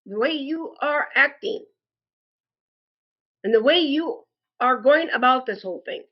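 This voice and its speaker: A frustrated woman delivering an indignant complaint monologue, speaking deliberately and calling her listeners "folks". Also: sits high, animated, highs cut off. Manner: slow, deliberate and indignant, addresses viewers as "folks". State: frustrated and angry. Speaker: customer posting a complaint review.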